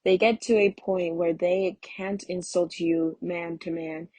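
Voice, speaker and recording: A woman reading the part of a bitter, restless young husband, talking loud and sneering. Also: fairly low pitch, steady tone, measured pace, no room sound. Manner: angry, sneering, raised voice.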